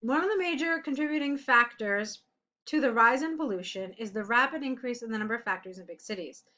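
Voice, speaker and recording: A woman's voice: a little high, brisk, sharp tone, highs cut off. A woman English tutor reading a student's essay aloud and correcting it in a chatty, direct way.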